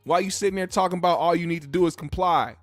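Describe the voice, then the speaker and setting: Blunt, profane, high-voiced male podcast host. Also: quick pace, dry recording, soft background music. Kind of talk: casual opinion rant.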